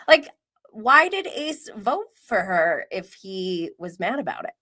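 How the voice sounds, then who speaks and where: Slow-talking gossipy woman streamer. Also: mid-range voice, very animated, a bit bright. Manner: gossipy, chatty, drops to a whisper and laughs often. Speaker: host of a reality TV commentary live stream. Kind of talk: casual live-stream commentary.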